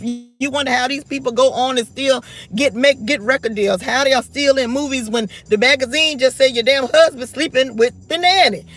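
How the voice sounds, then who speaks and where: A woman's voice: high-pitched, a bit bright. A woman in her forties talking straight to camera in an unscripted rant, blunt, defiant and emphatic. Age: 40s. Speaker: vlogger.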